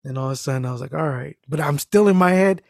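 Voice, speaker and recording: A man's voice: on the high side, quick pace, creaky, no echo, studio quality. A man telling a work story in casual chat, cursing freely and acting out the people in it. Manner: animated, profane, acts out voices. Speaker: guest storyteller.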